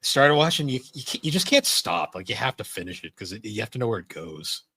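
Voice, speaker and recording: A man's voice: lowish voice, sing-song, brisk, creaky, bright, forceful tone, husky, dry recording. A man co-hosting a podcast in casual chat, rambling with many fillers and frequent laughs. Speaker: podcast co-host.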